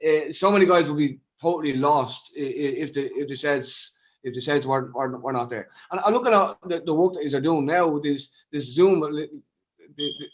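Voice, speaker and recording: Man, slightly high voice, effusive and repetitive, muffled call audio. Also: moderate pace. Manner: effusive, repeats words and restarts. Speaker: video call participant. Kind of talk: casual chat on a video call. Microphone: video call. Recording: dull lo-fi video call audio.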